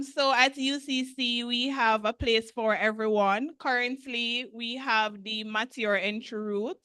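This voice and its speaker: A woman representing a university, answering callers' questions in a steady, informative way with frequent pauses. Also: fairly high pitch, clean tone, no echo.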